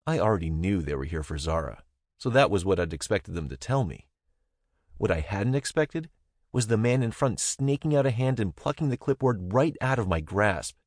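A man's voice: lowish voice, animated, moderate pace, darkish tone, no echo, clean studio sound. A young man reading a first-person novel aloud in a wry, easygoing way. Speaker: narrator. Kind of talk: first-person audiobook narration.

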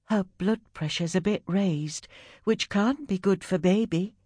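A narrator voicing a kind midwife's colleague who speaks in a hushed, murmuring way about a patient in an audiobook. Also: female voice, medium pitch, unhurried, slightly rough, no echo, pitched above the performer's own voice. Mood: hushed concern. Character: kind, worried nurse midwife, a woman.

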